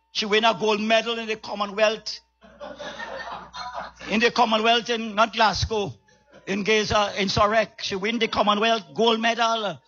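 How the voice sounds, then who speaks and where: A raspy-voiced male preacher delivering an emphatic sermon, repeating lines and calling for amens. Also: sits high, sharp tone, muffled recording.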